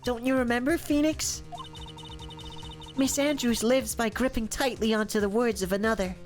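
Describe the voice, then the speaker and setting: A man voicing an earnest, emotional young woman assistant in a high falsetto, as he reads a game aloud. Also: steady tone, moderate pace, soft background music.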